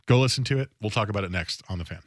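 A man hosting a sports talk radio show, talking in a conversational, animated way and often restarting his phrases. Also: fairly low pitch, very fast, over music. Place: radio studio.

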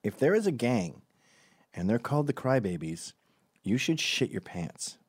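A man's voice: medium pitch, big pitch swings, normal speed, slightly rough, no room sound, clean studio sound. A middle-aged man hosting a comedic opinion monologue, sardonic and profane, often mocking people in put-on voices. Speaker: commentary show host.

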